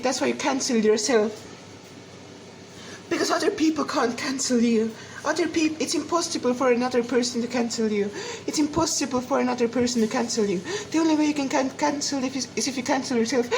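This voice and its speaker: A woman's voice: high voice, darkish tone, slight background noise, poor audio. A young woman vlogging from home, rambling in a crude, repetitive way and swearing often. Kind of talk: rambling solo vlog.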